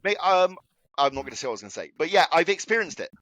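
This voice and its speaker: Fast-talking, swearing man. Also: on the high side, dry recording, highs cut off. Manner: swears a lot, animated anecdote telling. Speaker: podcast co-host. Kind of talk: casual chat, storytelling.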